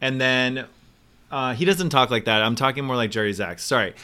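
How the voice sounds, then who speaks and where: A man chatting casually, telling an animated backstage story and acting out the quotes. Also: mid-range voice, moderate pace, clear, resonant tone. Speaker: Broadway performer.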